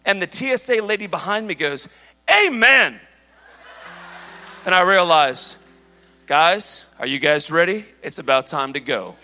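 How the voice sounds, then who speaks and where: A man preaching a sermon, telling a story in an animated way and shouting at the high points. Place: church hall. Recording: large hall reverb with faint music.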